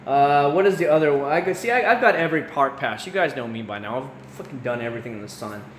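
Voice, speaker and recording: A man's voice: mid-range voice, expressive, fast talker. A man in his thirties, hosting a late-night livestream and chatting casually with his viewers. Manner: rambling, casual, chats with viewers by name. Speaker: livestream host. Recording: roomy echo with faint room noise.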